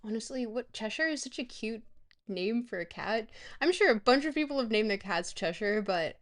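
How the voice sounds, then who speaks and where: A woman's voice: fairly high pitch, moderate pace. Rambling, playful young woman streamer. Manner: rambling and playful, with sudden excited squeals. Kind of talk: live-stream game commentary.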